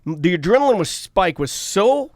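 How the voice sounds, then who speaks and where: A man co-hosting a casual chat show, telling a story with animated energy and bursts of shouting. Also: sits high, normal speed, no room sound, clean studio sound. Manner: animated storytelling, shouts when reliving anger. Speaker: co-host. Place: studio.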